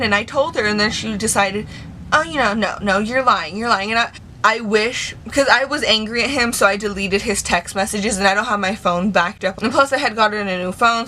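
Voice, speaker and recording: A young woman with a bright, clear voice talks straight to her camera, telling a personal story in a loose, casual vlog style. She swears freely and acts out the retelling with lively energy. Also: medium pitch, a little hiss or hum. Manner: heavy swearing, animated retelling. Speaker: vlogger. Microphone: camera mic.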